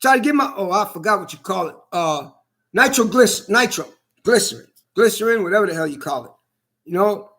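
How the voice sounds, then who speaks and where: A man's voice: sits high, expressive, a little fast, bright, forceful tone. A man delivering a heated, indignant vlog monologue, repeating himself and swearing often. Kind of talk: angry personal vlog monologue.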